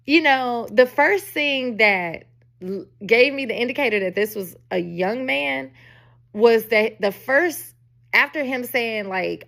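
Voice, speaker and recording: Woman in her forties, podcast host, gravelly voice, casual storytelling, laughs often. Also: fairly high pitch, lively intonation, takes it slowly, fairly bright tone. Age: 40s. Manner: chatty, laughs often, emphatic opinions.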